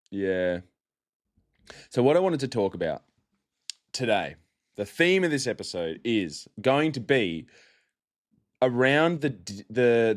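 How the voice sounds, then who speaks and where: Low-voiced mocking man. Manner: mocking, chatty, breaks into laughter often. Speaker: podcast host. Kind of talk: casual solo podcast monologue.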